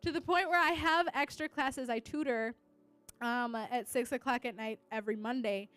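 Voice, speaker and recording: Talking at a moderate pace in a slightly high, bright, clean voice, a young woman teacher shares a casual testimony about her students with church listeners. She fills it with "like" and slips Spanish words in.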